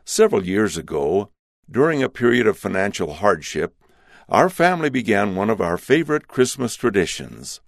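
A man giving a measured scripted reading of letters and questions. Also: fairly low pitch, sing-song, creaky, no room sound, clean studio sound.

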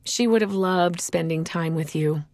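A woman playing a gentle storytelling mom. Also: fairly low pitch, measured pace, dry recording, studio quality. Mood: fond. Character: warm, faithful mother telling family stories. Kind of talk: children's magazine story reading.

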